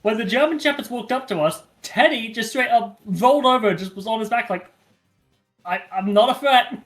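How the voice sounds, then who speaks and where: A man's voice: very high-pitched, brisk, fairly bright tone, faint music behind. A man chatting casually as a guest on a game stream, telling stories with many fillers. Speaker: guest co-player. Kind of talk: casual chat while gaming.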